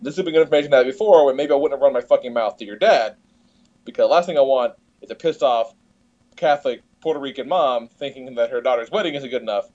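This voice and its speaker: A man's voice: medium pitch, fast talker, a little mellow, lo-fi sound. A man co-hosting a podcast, telling a long story in casual chat, swearing freely and laughing often, heard over a video call from a tablet. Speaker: podcast co-host.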